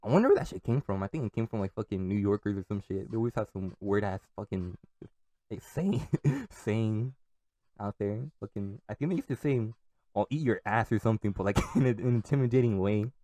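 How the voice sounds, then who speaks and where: A man's voice: on the low side, animated, fairly quick, warm tone, no room sound. A young man from California, rambling on his own podcast, swearing a lot and laughing at his own stories. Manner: profane, rambling, laughs often. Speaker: podcast host.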